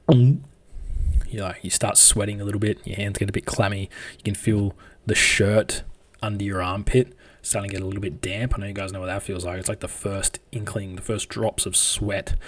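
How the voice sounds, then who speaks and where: A man with a low-pitched voice talks in a casual, blunt monologue about relationships. He swears freely and slips into quick little acted bits of dialogue. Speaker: relationship advice speaker.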